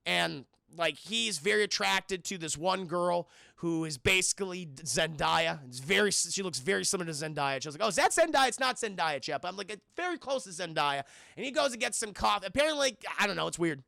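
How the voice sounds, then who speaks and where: Young male streamer recapping a film, high gravelly voice, bright edge, swearing and mimicking characters. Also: a little fast, no room sound. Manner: animated, swears a lot, mimics characters, addresses chat constantly. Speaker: film reviewer streaming to chat. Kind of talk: excited profane movie recap.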